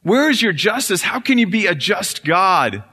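A man's voice: sits high, sing-song, moderate pace, sharp tone, husky, pitched above the performer's own voice, full character voice. A pastor voicing Satan as a contemptuous male devil who keeps accusing people before God. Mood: indignant. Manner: raised, accusing, insistent. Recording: reverberant church hall.

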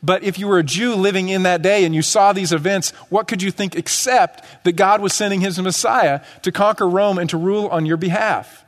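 A man's voice: sits high, steady tone, fairly quick, hardly any pauses. Man preaching in a reverberant church. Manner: conversational preaching with acted-out quotes. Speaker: pastor. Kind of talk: sermon. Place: church sanctuary.

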